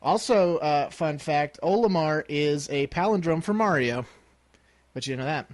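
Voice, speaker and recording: A young man co-hosting a podcast, chatting casually and playfully, cracking jokes and clearing his throat now and then. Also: a little high, expressive, unhurried, no room sound. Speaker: podcast co-host.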